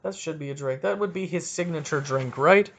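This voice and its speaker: A man from Canada hosting a casual solo podcast, rambling and joking as he thinks out loud. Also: a little high, fairly quick, vocal fry, a little hiss or hum. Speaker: podcast host. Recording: dull lo-fi recording.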